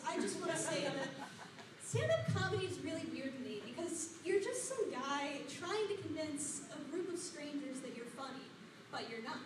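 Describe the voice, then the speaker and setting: A woman with a high voice delivers dry, wordy deadpan stand-up with a nervous edge. Her voice is heard from a distance in a very echoey room, with noise underneath. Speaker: stand-up comedian. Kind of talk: stand-up comedy set. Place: open mic comedy room. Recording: echoey room from far off, noisy.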